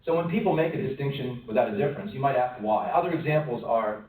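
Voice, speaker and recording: A man's voice: mid-range voice, lively intonation, fast, phone-quality sound. A man giving a conversational talk to a workplace audience, asking a lot of questions and sometimes acting out quoted voices. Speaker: speaker at a lunch-and-learn talk. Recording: roomy, from a distance, faint room noise.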